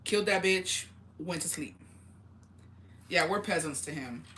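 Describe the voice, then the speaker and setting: A woman's voice: fairly low pitch, measured pace, a bit bright, a little hiss or hum. A young woman chatting casually on her vlog, telling family stories with lots of swearing and laughter. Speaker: vlogger. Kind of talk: casual storytelling chat.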